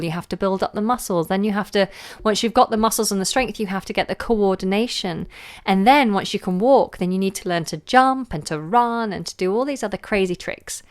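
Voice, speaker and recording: A woman, a singing teacher answering viewer questions in a relaxed, chatty way on a live stream. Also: mid-range voice. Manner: relaxed, chatty, demonstrates sounds with her voice.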